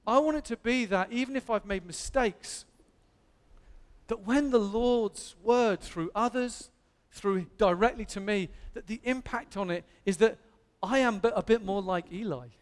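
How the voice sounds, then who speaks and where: Englishman, earnest emphatic preacher, high voice, long church reverb. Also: measured pace. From England. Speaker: pastor. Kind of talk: sermon. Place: church hall.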